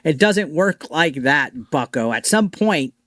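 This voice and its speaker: A man's voice: a little high, lively intonation, unhurried, a bit bright, no echo, clean studio sound. Sarcastic ranting man. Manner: sarcastic, mocking, swears. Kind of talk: scripted commentary rant.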